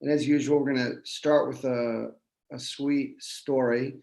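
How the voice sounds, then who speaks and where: A man telling a folk tale at a synagogue service in a relaxed, halting way, recorded in an echoey room. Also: medium pitch, vocal fry. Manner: relaxed, halting, many restarts.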